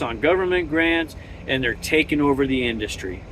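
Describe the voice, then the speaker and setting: A man's voice: medium pitch, lively intonation, normal speed, few pauses, fairly bright tone, slight background noise. A man who drives a truck talks casually from his cab, rambling with many restarts and chuckles. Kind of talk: casual monologue while driving.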